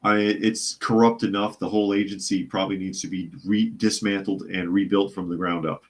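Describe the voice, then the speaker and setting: A man with a very deep voice hosts a live news commentary podcast. He reads reports and viewer comments aloud and breaks in with sardonic, skeptical asides in a loose, conversational way. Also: level tone, a little fast. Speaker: podcast host.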